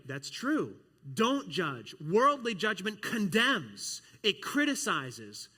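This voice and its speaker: A man preaching a sermon as a pastor, telling stories in an animated way and acting out other voices. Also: slow, slightly rough. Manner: animated storytelling, acts out voices with big pitch jumps. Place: church sanctuary. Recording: long church hall reverb.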